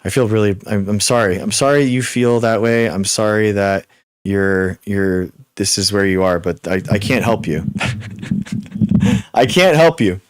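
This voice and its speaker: A young man hosting a live stream, answering chat questions in a rapid, repetitive, exasperated way with many restarts. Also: on the low side, clean tone, dry recording, clean studio sound. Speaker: livestream host. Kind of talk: live Q and A chat reading viewer comments.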